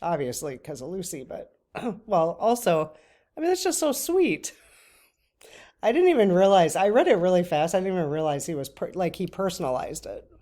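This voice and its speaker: A woman's voice: lowish voice, big pitch swings, normal speed, warm tone. A middle-aged woman talking casually to camera in a personal vlog, often emotional and close to tears. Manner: tearful, breaks off to cry. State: crying at times. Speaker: channel host.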